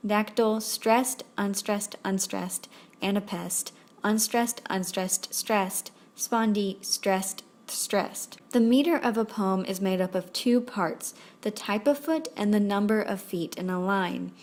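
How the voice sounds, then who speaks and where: A woman narrating a scripted lesson on poetry, reading examples aloud slowly. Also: mid-range voice, a little mellow.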